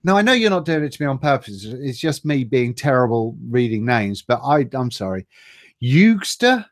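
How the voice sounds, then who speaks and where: A man's voice: medium pitch, very animated, normal speed. A middle-aged man hosts a casual live stream, reading out viewer greetings in a chatty, jokey way and stumbling over names.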